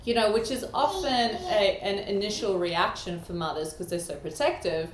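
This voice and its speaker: A woman's voice: mid-range voice, expressive, moderate pace, hardly any pauses. A woman co-hosting a casual chat, talking animatedly and acting out quoted dialogue. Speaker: co-host. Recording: echoey room, faint background noise.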